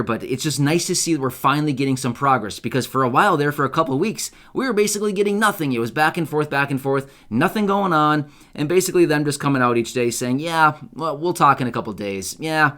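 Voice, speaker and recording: A man hosting an online news channel, talking casually and excitedly to his viewers and often checking for agreement. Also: mid-range voice. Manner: chatty, upbeat, asks viewers for agreement with repeated "right?"; loose, self-correcting delivery with fillers and restarts. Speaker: YouTube news host. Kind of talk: casual direct-to-camera commentary.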